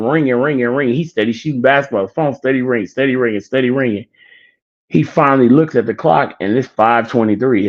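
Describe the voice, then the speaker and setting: A man's voice: lowish voice, highs cut off. Man rambling through a casual story. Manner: rambling, loose with filler. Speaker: show host.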